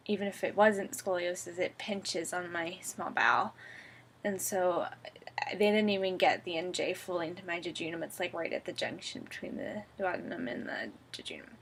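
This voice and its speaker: A young woman vlogging from bed in a casual video diary, groggy and drowsy, rambling in a soft, chatty, giggly way. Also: mid-range voice, creaky, husky. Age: young adult. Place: at home, sitting up in bed.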